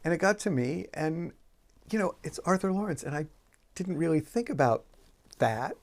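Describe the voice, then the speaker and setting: A man's voice: fairly high pitch, animated, gravelly. A man from Boston, a guest in a casual conversation, telling theatre stories with frequent restarts. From Boston, USA. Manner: storytelling with halting restarts. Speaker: guest recalling theatre production.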